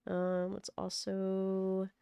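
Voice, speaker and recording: Streamer: young woman, casual chatty game commentary, unhurried pace, dry close mic. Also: mid-range voice, gravelly, clean tone, no echo. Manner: chatty, apologetic, easily excited.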